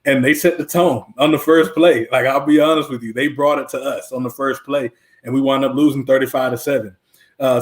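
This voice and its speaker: A young man guest looks back on his playing days in a relaxed, reflective way, with filler words running through it. His voice sits at an ordinary middle pitch, and his talk is easygoing and conversational. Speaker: guest, former college lineman. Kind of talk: casual interview talk.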